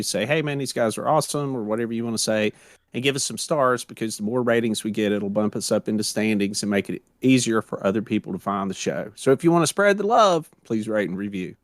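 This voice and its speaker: A man's voice: fairly low pitch, dry recording, studio quality. An American man co-hosting a podcast, chatting casually in a rambling, conversational way with plenty of fillers. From United States. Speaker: podcast co-host.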